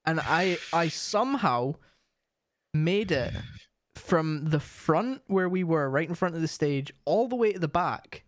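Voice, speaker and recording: Young man, casual chat, animated, swears a lot, dry recording. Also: on the high side, unhurried, no echo.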